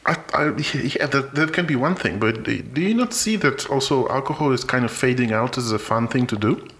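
Halting, word-searching male podcast co-host. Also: medium pitch, expressive, fairly bright tone, a little hiss or hum. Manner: halting, repeats words while searching for phrasing. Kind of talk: casual chat.

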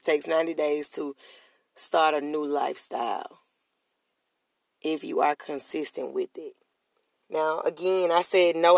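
A podcast host delivers a preachy motivational talk, repeating phrases and urging listeners to call back responses. The voice is mid-range with vocal fry, recorded with no room sound.

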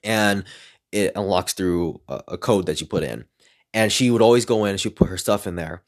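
A young man casually telling personal stories in a rambling, profane way, getting animated as he retells them. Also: sits low, moderate pace. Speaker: speaker sharing personal stories. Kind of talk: casual storytelling monologue.

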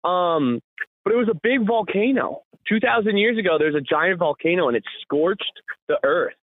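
A man co-hosting a podcast, telling a rambling, animated story in casual chat with frequent laughs. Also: sits high, moderate pace, no room sound. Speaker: podcast co-host. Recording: tinny phone-line sound, dry.

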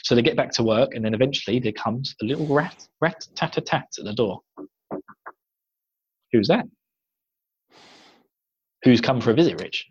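A man's voice: medium pitch, animated, moderate pace, pauses often, darkish tone, husky, dry recording, dull audio. An English man co-hosting a podcast, chatting casually through a book recap, laughing often and slipping into voices for the scenes. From England. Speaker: podcast co-host.

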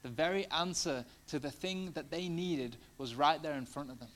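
A man's voice: a little high, normal speed, fairly bright tone. A man preaching a sermon in a conversational way, full of fillers, building to passionate emphasis.

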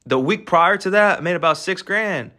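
A man in his twenties hosts a podcast, giving a brash, profane, hyped-up motivational monologue packed with fillers. His voice is high, pushed and bright, at a moderate pace.

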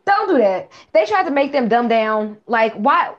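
A woman's voice: on the high side, very animated, moderate pace, dull audio. Blunt, profane woman podcast co-host. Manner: blunt and profane, retells scenes with playful mimicry. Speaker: podcast co-host reviewing a film. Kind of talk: casual chat.

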